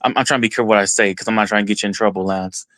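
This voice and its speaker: A man from Texas, a podcast guest, telling a story in an excited first-person way and voicing his own thoughts along the way. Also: on the low side, rapid-fire, no echo. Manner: excited, retells events with quoted self-talk.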